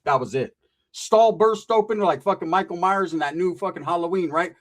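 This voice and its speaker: A man's voice: sits high, a little fast. A man telling a rowdy story in casual, profane, slang-heavy talk on a podcast. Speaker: podcast host.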